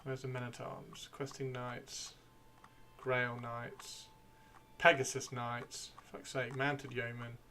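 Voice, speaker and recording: Slow and flat, with a sharp tone, this man's medium-pitched voice carries slight background noise. As livestream host, he chats casually while gaming, rambling to himself as he browses and letting slip the odd swear.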